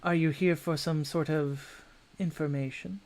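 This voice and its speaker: A man's voice: on the high side, fairly even intonation, measured pace. A man voicing a mysterious young woman with odd-colored eyes who chuckles and teases, in a tabletop game. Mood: curious. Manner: playful, teasing.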